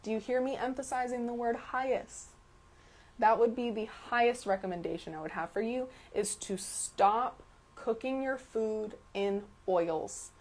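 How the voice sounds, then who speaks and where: A woman's voice: on the high side, unhurried, a little mellow. A woman hosting a live stream Q&A as a health coach. She talks with emphasis, repeats key words and often checks in with "okay?". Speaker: detox health coach answering viewer questions.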